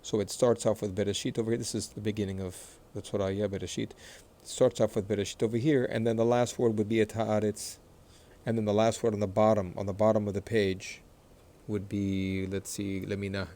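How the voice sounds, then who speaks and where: A man teaching how to read and stress words, explaining patiently, repeating words slowly, and clearing his throat often after a recent illness. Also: lowish voice, level tone, warm tone. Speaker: Hebrew reading teacher. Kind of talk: explanatory lesson, screen-sharing.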